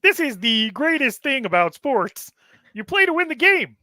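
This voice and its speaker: A man voicing a Kermit the Frog impression, a squeaky, excitable male frog puppet with rising yelps. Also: normal speed, dry recording, exaggerated voice. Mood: excited.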